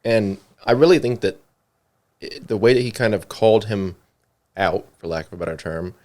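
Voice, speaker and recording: A young man with a lowish voice chats on a church podcast. He talks in a relaxed, rambling way full of fillers and turns his thoughts into questions for his co-host. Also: moderate pace. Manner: conversational, many fillers, asks questions. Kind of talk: casual podcast discussion.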